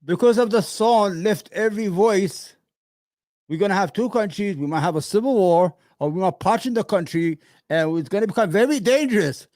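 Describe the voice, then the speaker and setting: A man's voice: a little high, dry recording. Fired-up New man, dry close sound. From New York. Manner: animated, sarcastic, frequent restarts and stammers. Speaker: commentary host reacting to clips. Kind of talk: heated opinion commentary.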